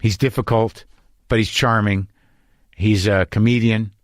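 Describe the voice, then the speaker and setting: A middle-aged podcast host with a fairly low, unhurried voice delivers an anxious, rambling, profane comic monologue in deadpan style. Afterward he chats with a guest in his home studio, and the recording has no echo.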